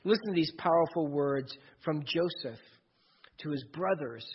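A man's voice: fairly high pitch, lively intonation, normal speed, slight background noise. A man preaching a sermon in an earnest way, speaking straight to the listener as "you". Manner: earnest, second-person storytelling. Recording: dull lo-fi recording.

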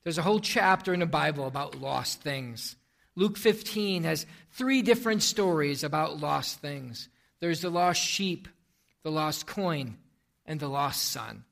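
Male pastor preaching, high voice with a gravelly edge, storytelling delivery. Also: fairly bright tone. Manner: storytelling, then reading scripture and praying. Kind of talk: sermon.

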